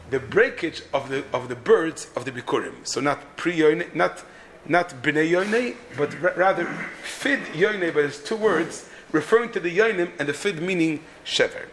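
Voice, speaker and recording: A man's voice: on the high side, animated, normal speed, a bit bright, slight background noise. A man teaching a text-study class, explaining the meter of a Hebrew poem with frequent restarts and repeated words. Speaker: Torah teacher.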